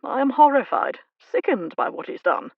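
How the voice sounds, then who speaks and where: A woman narrator voicing a weary, remorseful older uncle and father in an audiobook, with a gravelly, earnest delivery. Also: high voice, lively intonation, moderate pace, no echo, phone-quality sound, exaggerated voice. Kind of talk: audiobook character reading.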